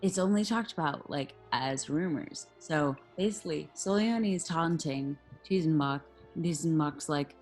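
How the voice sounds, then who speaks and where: A young woman, tipsy, rambles through a play's plot in loose, sweary slang and jumps into the characters' lines as she goes. Her voice sits a little low, with faint music behind her. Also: normal speed, hardly any pauses, a little mellow. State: drunk. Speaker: drunk narrator. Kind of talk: tipsy comic retelling of a play.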